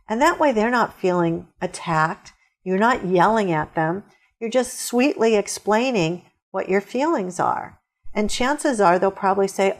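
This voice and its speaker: A woman's voice: medium pitch, expressive, moderate pace. A middle-aged woman answering interview questions with upbeat, storytelling advice. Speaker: guest author.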